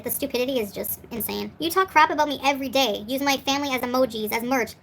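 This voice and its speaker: A woman's voice: high-pitched, fast talker, few pauses, a bit bright, a little hiss or hum, poor audio. A woman in her forties ranting on a livestream, defiant and sarcastic, answering chat as she goes. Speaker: streamer answering live chat.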